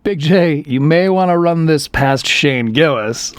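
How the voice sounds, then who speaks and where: A man giving casual video commentary as a reviewer, chatty and wry, with self-aware asides. His voice sits a touch higher than most men's. The sound is dry and close, with no room echo. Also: a little slow, hardly any pauses, clean tone. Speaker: comedy special reviewer.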